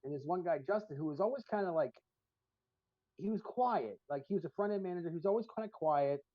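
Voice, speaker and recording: A man co-hosts a live podcast, telling a long story in a loose, profane ramble. His voice sits a bit high. The sound is dry and a little dull, like lo-fi stream audio. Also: animated, fast talker, dry recording. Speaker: podcast co-host. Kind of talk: casual chat.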